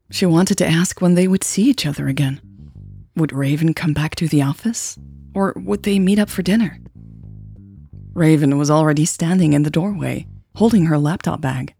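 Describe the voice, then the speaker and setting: Brief: woman narrator for a romance serial, low warm tone, some vocal fry, soft music under. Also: normal speed. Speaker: podcast narrator. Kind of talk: scripted narration of a romance story.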